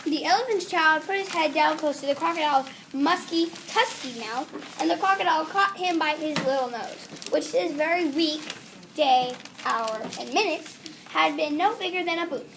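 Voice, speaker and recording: A woman teacher with a high voice reads a children's storybook aloud to a class, now and then pausing to fix a slip. She sounds set back from the microphone, with a faint hiss underneath. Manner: stops to correct herself while reading. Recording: distant mic with faint background hiss.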